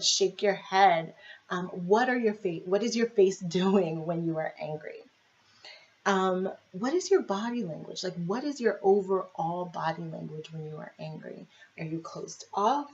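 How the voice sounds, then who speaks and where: Role: life coach. Sex: woman. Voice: lowish, dull lo-fi sound. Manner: reflective, asks many questions, tags with "right?". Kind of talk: coaching video monologue to viewers.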